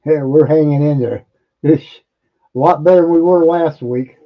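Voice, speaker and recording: A man chatting casually as a co-host on a live stream, talking very slowly and laughing along with the jokes. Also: on the high side. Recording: dull, lo-fi sound.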